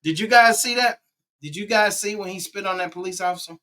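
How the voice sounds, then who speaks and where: A man's voice: sits high, fairly quick, pushed and bright. Chatty man reacting, calls viewers family. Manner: exclaims and repeats himself. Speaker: YouTube reaction host. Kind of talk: casual reaction commentary.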